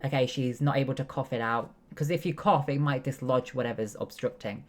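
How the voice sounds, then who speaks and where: Speaking briskly with few pauses, a young woman streams a game and chats casually, breaking things down step by step. Her voice rumbles low, and the streamer, who is a nursing student, fills her talk with fillers and chatty asides.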